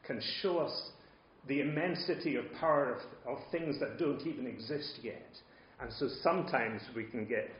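A man's voice: mid-range voice, slight background noise. Male preacher, sermon, dynamic delivery, roomy echo, slightly dull sound. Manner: dynamic, swings from quiet asides to loud emphasis.

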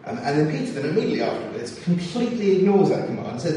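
A man preaching a sermon in a church, expressive and acting out the quotes he reads. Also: on the high side, rapid-fire. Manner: expressive, acts out scripture quotes. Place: church or hall. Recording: echoey hall, distant mic, faint ambience.

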